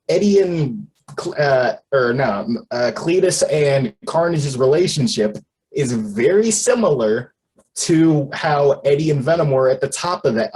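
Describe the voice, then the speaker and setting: A man chatting casually about a movie he reviewed, animated and laughing often as he acts out lines. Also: mid-range voice, rough recording. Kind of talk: casual chat.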